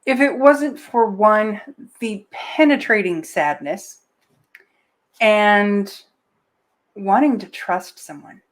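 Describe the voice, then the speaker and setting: A woman with a medium-pitched voice talks in an unhurried, thoughtful way, lingering over her words. She drops in short agreeing replies. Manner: slow and reflective, with soft interjections. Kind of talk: casual chat.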